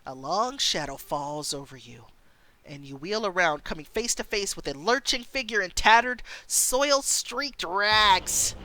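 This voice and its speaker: A woman streamer reading an interactive story game aloud, expressive, with wry asides. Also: medium pitch, measured pace.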